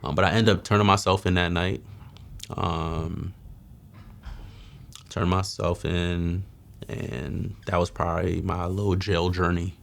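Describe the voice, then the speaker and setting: A man, telling his life story in a streetwise, slangy way, often dropping quiet at heavy moments. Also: sits low, little pitch movement, unhurried, gravelly, pauses often. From Mount Vernon, New York. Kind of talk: candid testimony.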